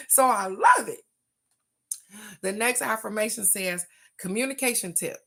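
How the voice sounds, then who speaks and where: A woman's voice: mid-range voice, very animated, slow, long pauses, fairly bright tone. An older woman, chatting casually and folksily as a host, laughing often and stretching words for emphasis. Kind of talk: casual card-reading chat.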